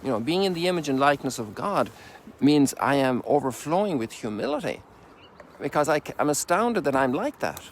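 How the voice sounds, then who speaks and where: Rambling older Irish priest outdoors. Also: male voice, fairly high pitch, big pitch swings, fairly quick, a little hiss or hum. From Ireland. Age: 60s. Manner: conversational, rambling, folksy asides. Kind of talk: informal reflective sermon while walking. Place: outdoors on a sunrise walk.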